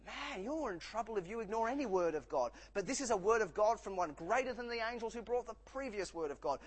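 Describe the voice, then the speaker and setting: Animated, high-pitched male preacher. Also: fast talker, few pauses, slightly rough, poor audio. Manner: emphatic, rising and falling for effect. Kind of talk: sermon.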